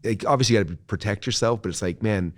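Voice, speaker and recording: A man's voice: on the low side, quick pace, no echo. A man hosting a casual interview, talking in an enthusiastic, encouraging way with lots of fillers. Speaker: host.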